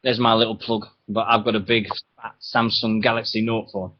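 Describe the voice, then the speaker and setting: A man's voice: fairly low pitch, normal speed. A man hosting a wrestling radio show, rambling and laughing as he tells stories. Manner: chatty, rambling, laughs often, animated storytelling. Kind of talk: casual radio chat. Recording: dull lo-fi internet radio audio.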